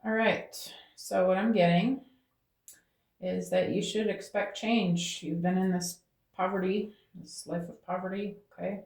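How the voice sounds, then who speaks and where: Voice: mid-range voice, flat delivery, unhurried, vocal fry. A tarot reader giving a channeled reading to viewers, talking aloud to Spirit and tagging phrases with "okay?". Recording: roomy echo.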